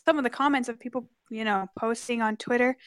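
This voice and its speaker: A woman's voice: on the high side, fairly even intonation, fast, no room sound. A woman calling in to a live show, hesitant and restarting her sentences. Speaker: caller.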